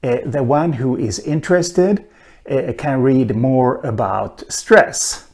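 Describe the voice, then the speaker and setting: A man giving a linguistics lecture, talking slowly with many "uh" fillers and an occasional dry aside. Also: mid-range voice, creaky. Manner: slow, hesitant, frequent "uh" fillers, dry asides. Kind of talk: recorded online lecture.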